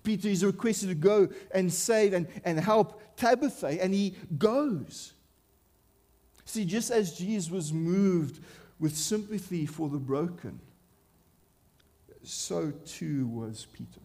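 A man's voice: high-pitched, lively intonation, slow pace, a little mellow. A man preaching a sermon in an earnest, emphatic way, with rhetorical questions and repeated phrases.

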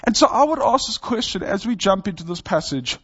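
A man's voice: high-pitched, big pitch swings, fairly quick, fairly bright tone, husky, lo-fi sound. A man in his thirties, a pastor giving an earnest, conversational sermon and telling a family story. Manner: earnest, conversational preaching with personal stories.

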